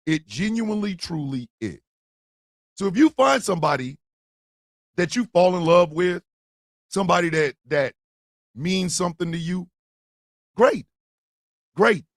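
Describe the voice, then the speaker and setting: Creaky, animated male show host. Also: high-pitched, unhurried, pauses often, no room sound, studio quality. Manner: loud, animated, often shouting and laughing. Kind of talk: live talk show monologue.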